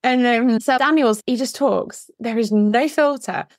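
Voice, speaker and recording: A woman, a podcast guest, chatting casually and telling animated stories. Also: a little high, a little slow, no room sound, studio quality. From England. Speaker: guest, dyslexia researcher.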